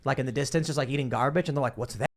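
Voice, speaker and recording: A man co-hosting a casual chat, telling a story in an excitable, animated, halting way. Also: mid-range voice.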